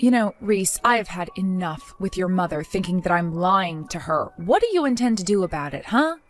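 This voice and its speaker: A woman's voice: lowish voice, animated, normal speed, soft background music, lightly acted. A young woman voicing a hardworking wife who defends herself with exasperation. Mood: defensive. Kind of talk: text-story voice acting.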